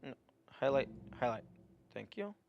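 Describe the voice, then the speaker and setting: A man's voice: medium pitch, sing-song, measured pace, creaky, lo-fi sound, soft background music. A man streaming a mystery puzzle game, thinking aloud in casual muttered commentary with the odd swear. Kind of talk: let's play commentary.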